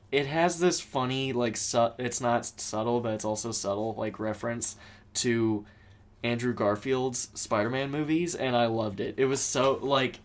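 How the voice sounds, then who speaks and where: A man co-hosting a podcast, chatting casually about movies and often restarting his sentences. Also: mid-range voice. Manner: halting, restarts, laughs often, acts out quotes. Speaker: podcast co-host. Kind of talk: casual chat.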